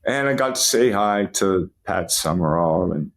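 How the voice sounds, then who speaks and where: A man's voice: low-pitched, animated, measured pace, creaky. A man guest on a podcast, fondly reminiscing in a rambling, casual way with lots of fillers. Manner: rambling, fond, full of fillers.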